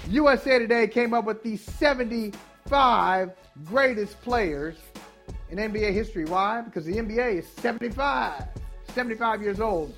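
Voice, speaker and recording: A man hosting a sports talk show, reacting with laughs and steering the segments in a casual way. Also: high-pitched.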